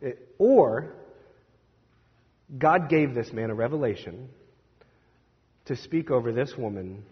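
A Presbyterian minister telling a story in a sermon, animated and acting out what others said, with hesitant restarts. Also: male voice, medium pitch, slow pace, pauses often, slightly rough. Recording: distant reverberant hall, dull lo-fi sound.

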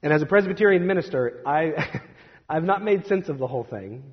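A Presbyterian minister telling a story in a sermon, animated and acting out what others said, with hesitant restarts. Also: male voice, on the high side, brisk, husky. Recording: distant reverberant hall, dull lo-fi sound.

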